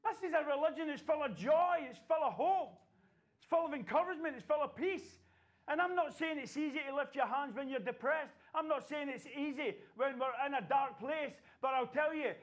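A man's voice: very high voice, normal speed, highs cut off. A man preaching a sermon, passionate and exhorting, breaking into laughter now and then.

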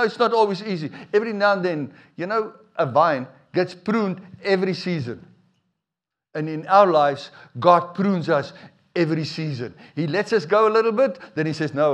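A middle-aged man, preaching a sermon in a conversational, animated way with asides to the congregation. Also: fairly high pitch. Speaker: pastor.

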